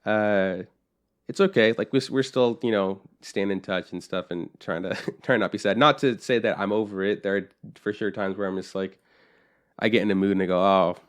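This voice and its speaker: A man's voice: on the low side, fairly even intonation, moderate pace, smooth. A young man co-hosting a podcast, telling a rambling, profane story and acting out his family's lines in casual chat. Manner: rambling storyteller, swears freely, acts out family quotes. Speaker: podcast co-host.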